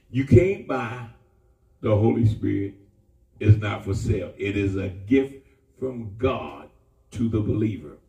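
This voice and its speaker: Male preacher, mellow and lively, folksy and emphatic; echoey room, mic far away. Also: medium pitch. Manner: folksy and emphatic, with call-and-response. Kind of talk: sermon.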